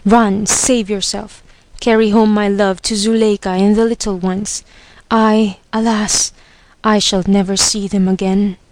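A woman voicing a grieving desert tribesman in a storybook reading, slow and tender. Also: medium pitch, level tone, darkish tone, no echo, lightly acted. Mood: sorrowful. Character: grieving desert tribesman, loyal to his horse.

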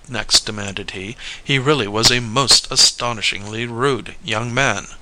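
A man reading a story aloud as narrator, in a measured, even manner. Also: lowish voice, rough recording. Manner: even, measured storytelling with light character voicing. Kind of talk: audiobook narration.

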